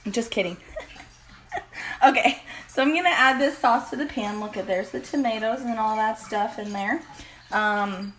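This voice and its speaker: A woman's voice: fairly high pitch, normal speed, a bit bright, slight background noise. A woman hosting a casual home cooking vlog in her kitchen, chatty and rambling, with self-deprecating asides. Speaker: cooking vlogger.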